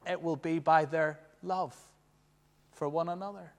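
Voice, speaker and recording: A man preaching from the pulpit, his voice sitting high for a man. He swings between booming declarations and quiet, hushed asides. A long church reverb trails every phrase. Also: fairly even intonation, a little slow. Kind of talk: sermon. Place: church sanctuary.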